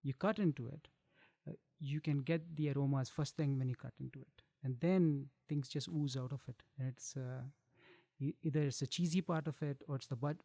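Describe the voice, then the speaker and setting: Gravelly, dry-voiced chef chatting. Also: male voice, on the high side, no echo. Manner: relaxed, chuckling, restarts phrases. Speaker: chef and guest. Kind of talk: casual chat.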